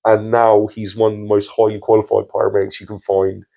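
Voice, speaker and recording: A man's voice: on the low side, little pitch movement, a little fast, vocal fry, dark tone, low-quality recording. A man hosting a podcast, speaking earnestly with hesitations and restarts. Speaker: podcast host. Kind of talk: casual podcast interview.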